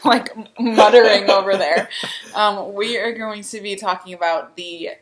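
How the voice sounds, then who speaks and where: A woman's voice: medium pitch, a little slow, a loud crowd, low-quality recording. A woman co-hosting a podcast in casual chat, chatty and laughing often between thoughts. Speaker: podcast co-host.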